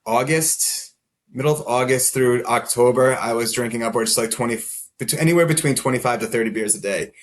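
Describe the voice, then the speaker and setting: A man's voice: mid-range voice, a bit bright. Man telling his story with many fillers. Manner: rambling, heavy use of "like" fillers; self-deprecating, laughs at himself. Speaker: podcast guest. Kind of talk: candid personal storytelling.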